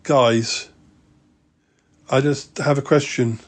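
Man, podcast host, medium pitch, halting, lots of ums, casual chat. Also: steady tone. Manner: hesitant, stop-start, with many ums.

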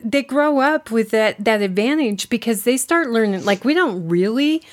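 A woman's voice: a little high, animated, normal speed. A woman co-hosting a podcast, telling stories in a rambling, chatty way during casual conversation. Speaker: podcast co-host. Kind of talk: casual chat.

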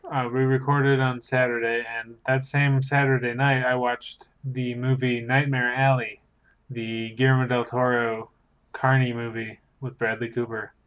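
A Canadian man co-hosting a podcast, speaking in a relaxed, dry, easygoing way. His audio sounds dull and a bit lo-fi, as if from a cheaper mic. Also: medium pitch, measured pace, clean tone. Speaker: podcast co-host. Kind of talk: casual chat.

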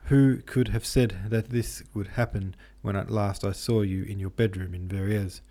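A man's voice: on the low side, steady tone, normal speed, warm tone, lightly acted. A man voicing a young man condemned to death, speaking fervently and pleadingly in an audiobook reading.

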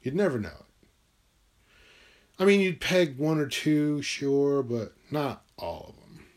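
Guy rambling to himself in his room, musing and cursing, average pitch. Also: big pitch swings, a little slow, darkish tone. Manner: musing, meandering, swears freely. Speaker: vlogger. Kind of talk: rambling solo monologue.

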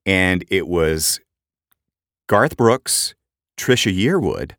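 Lively low-voiced middle-aged man telling stories. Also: very slow, dry recording, studio quality. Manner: animated anecdote-telling, raises pitch sharply for quoted voices. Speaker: podcast co-host. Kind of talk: casual storytelling chat.

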